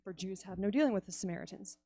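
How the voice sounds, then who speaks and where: A woman's voice: medium pitch, quick pace, warm tone, no echo. A woman giving a conversational youth sermon, chatty and laughing often as she acts out stories. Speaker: youth speaker.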